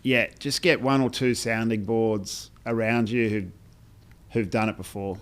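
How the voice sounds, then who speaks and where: This is an Australian man with a fairly low, smooth and clear voice. He is a founder chatting in a relaxed podcast interview, telling his stories with plenty of fillers and restarts. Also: a little slow. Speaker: brand founder, podcast guest. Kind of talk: casual interview chat.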